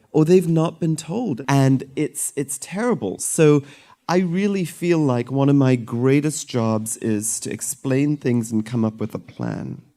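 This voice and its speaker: A man's voice: medium pitch, mellow. A middle-aged man from Sri Lanka, a surgeon speaking to an audience in a light-hearted, conversational way with self-deprecating jokes.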